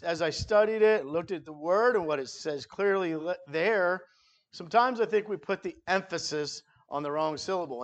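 Male preacher, a bit higher-pitched, easygoing sermon delivery that lifts when reading scripture. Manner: conversational preaching with verbal fillers, reads scripture with rising emphasis. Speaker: pastor.

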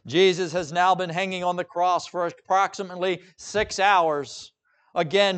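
Slow, high-voiced male preacher. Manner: dramatic, with swings between hushed and emphatic delivery. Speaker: pastor. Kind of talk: sermon.

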